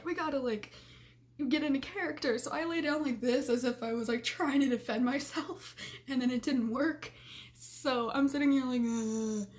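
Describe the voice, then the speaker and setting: Young woman vlogger, high voice, casual and giggly storytelling. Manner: giggly, keeps breaking into laughter; fillers like "like" and "freaking".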